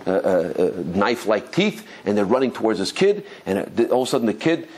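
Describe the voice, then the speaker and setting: A rabbi giving an animated Torah class, telling stories excitedly with stumbling repetitions and chuckles. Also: male voice, lowish voice, fairly quick. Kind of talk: animated Torah lesson with storytelling.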